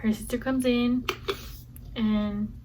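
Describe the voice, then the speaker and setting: A woman's voice: on the high side, flat delivery, takes it slowly, mellow, rough recording. A young woman vlogger telling a rambling school story in casual storytime style, repeating herself as she goes. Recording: faint background noise.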